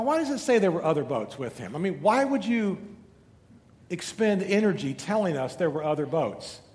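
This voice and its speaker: A middle-aged man preaching a sermon to his church, swinging between loud urgent lines and hushed asides. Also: high voice, long reverb tail. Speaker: pastor. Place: church sanctuary.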